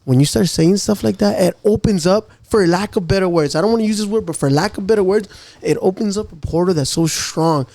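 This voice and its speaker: A man's voice: sits high, a little fast, dark tone, no room sound. A man co-hosting a podcast, talking casually and emotionally about faith, calling his co-host "bro" and "dude". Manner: emotional, repeats "bro" and "dude", acts out God's words.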